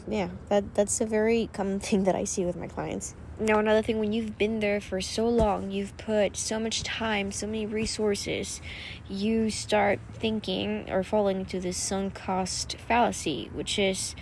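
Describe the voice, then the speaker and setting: A young woman speaks at an ordinary middle pitch in a loose vlog style. She rambles, repeats words and leans on fillers as she talks. A faint hiss of noise sits behind her voice. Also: level tone, a little slow, a little mellow. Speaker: vlogger and coach. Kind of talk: casual vlog talk.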